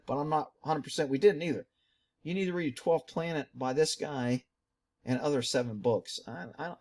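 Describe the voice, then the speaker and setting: A middle-aged man hosting his own channel, reading viewer comments aloud and answering them in a chatty, animated way with muttered asides. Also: mid-range voice, creaky. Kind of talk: casual commentary.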